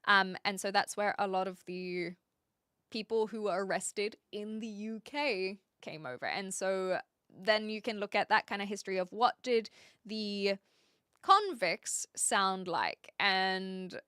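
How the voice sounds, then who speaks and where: An Australian woman hosts a livestream, chatting casually and answering viewers' comments out loud. She reads the chat aloud, replies, and laughs often, in a medium-pitched, unhurried voice that is pushed, bright, clear and resonant. The recording is dry and studio quality.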